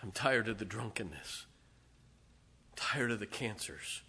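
A middle-aged man, a pastor, preaching a fervent sermon. He swings from booming declarations to hushed, intimate asides. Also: lively intonation, unhurried, husky. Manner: impassioned, emphatic preaching with repeated phrases.

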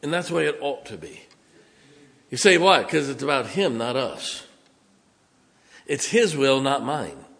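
A man preaching from the pulpit of a church sanctuary, with a long hall reverb trailing his words. He tells his story with drama, swinging from loud, emphatic bursts down to hushed, low lines. His voice sits at an ordinary middle pitch for a man. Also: sing-song, unhurried, vocal fry, long pauses. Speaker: pastor. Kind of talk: sermon with personal storytelling.

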